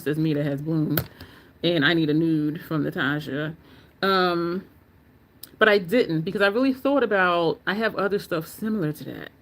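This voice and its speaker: A woman's voice: on the low side, a bit bright. A woman hosting a beauty channel livestream, talking in a loose, opinionated, rambling way and answering viewer comments. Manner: loose, rambling, with frequent ums and restarts. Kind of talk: casual livestream chat.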